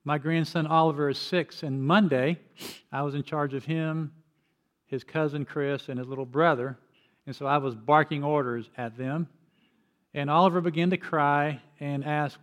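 A man's voice: fairly high pitch, normal speed. An older man preaching a sermon as pastor, telling personal stories in an earnest way with frequent restarts.

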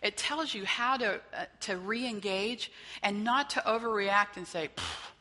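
A woman's voice: medium pitch, measured pace, sharp tone, big-room sound. A woman trainer leading a faith-based teaching session, talking conversationally and checking in with her listeners as she goes. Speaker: workshop trainer.

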